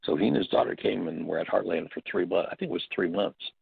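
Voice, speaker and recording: Deep, gravelly older man teaching. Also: no echo. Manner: reflective, halting storytelling. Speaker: workshop leader and teacher. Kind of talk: spoken teaching talk with stories. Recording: dull, dry lo-fi audio.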